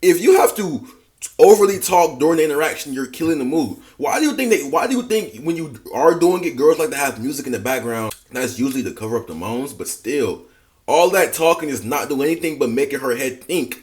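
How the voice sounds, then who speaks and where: A man's voice: a little high, expressive, fairly quick, a little mellow. A man hosting a dating advice reaction, talking bluntly and casually with lots of slang. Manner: blunt, slangy, mock-lecturing.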